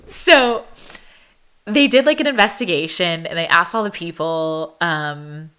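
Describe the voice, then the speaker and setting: A woman's voice: on the low side, measured pace, clear, resonant tone. A young adult woman vlogger telling a personal story in a chatty, casual monologue, often using "like". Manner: chatty, frequent "like", animated retelling.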